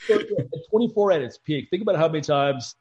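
A man chatting casually on a podcast, telling stories and slipping into loud impressions. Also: a little high, fast, highs cut off. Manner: animated storyteller, jumps into loud impressions. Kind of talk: casual chat.

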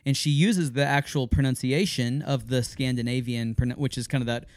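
A man co-hosts a family podcast with his wife. He tells a long personal story at an easy, rambling pace and often stops to correct himself. His mid-pitched voice is recorded close and dry, with no room sound. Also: steady tone, normal speed, a little mellow, dry recording. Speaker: podcast co-host. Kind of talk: casual storytelling chat.

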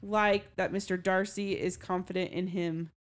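A woman's voice: on the low side, moderate pace. Chatty woman recapping a novel. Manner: chatty, explains the plot in a relaxed way. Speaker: podcast co-host. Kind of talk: casual book chat.

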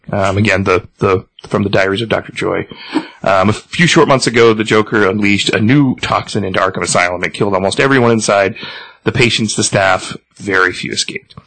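A man casually retelling a comic book scene, halting with many ums and restarts. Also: on the low side, creaky, a bit bright, no echo, poor audio. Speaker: podcast host reading a comic aloud.

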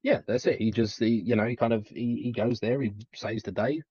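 A young man co-hosting a casual podcast chat, telling stories animatedly and jumping into high-pitched impressions of characters. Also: a little fast, husky, dry recording, dull audio. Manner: animated storyteller, mimics characters with sudden high pitch jumps. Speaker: podcast co-host.

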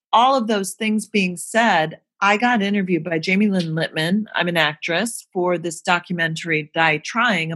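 A woman's voice: lowish voice, fairly bright tone. Earnest woman telling a personal story. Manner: earnest, emotional, acts out quoted voices. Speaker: guest, actress.

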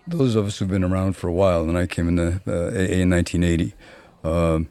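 A man's voice: deep voice, steady tone, fast, warm tone, clear, resonant tone. A man in his seventies, a podcast guest in casual conversation, telling long stories with dry, self-deprecating humor. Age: 70s.

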